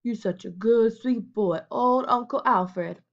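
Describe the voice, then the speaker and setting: A sneering, swaggering teenage bully , put on by a woman reading aloud. He taunts and mimics in a raised, pushed-up voice that booms out louder than her narration. The sound is a little dull and muffled. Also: slow pace. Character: swaggering teenage boy gang leader, mocking bully.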